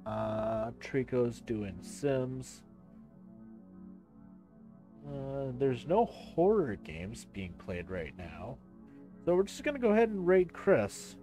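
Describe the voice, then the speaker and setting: A man hosting his own live stream, talking in an animated, chatty way with casual swearing. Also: medium pitch, slow, long pauses, soft background music.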